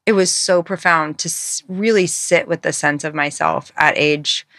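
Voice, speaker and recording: A woman with a notably low voice talks through her thoughts in an earnest, searching way, pausing and restarting as she goes. The sound is dry and close, with no room around it. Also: fairly even intonation, a bit bright, no room sound. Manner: earnest, searching, halting phrasing with many fillers. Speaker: guest, author and musician. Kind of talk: reflective conversational interview.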